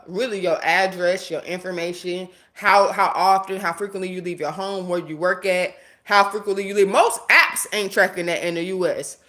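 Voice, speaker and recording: A woman live streaming, ranting casually and bluntly to her viewers, talking to the chat and swearing freely. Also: mid-range voice. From United States. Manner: blunt, animated, talks straight to viewers and chat. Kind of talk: casual livestream rant.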